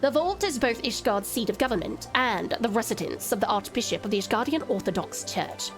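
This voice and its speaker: A courtly noble guide shows visitors around a holy city in a measured, formal manner, read aloud by a woman over her game. The voice sits high and moves around a lot in pitch. Game music plays clearly underneath. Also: animated.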